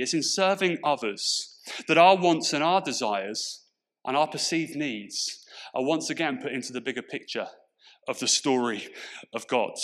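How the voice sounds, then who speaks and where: A pastor from Portsmouth, England, with an English accent preaches a sermon full of emphatic rhetorical questions. His mid-range voice has a fairly bright tone.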